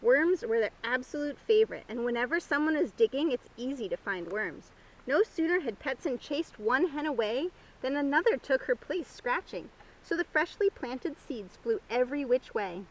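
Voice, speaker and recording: A woman librarian reading a picture book aloud for a children's storytime, expressive, outdoors in a garden. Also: sits high, moderate pace, low-quality recording. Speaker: youth librarian.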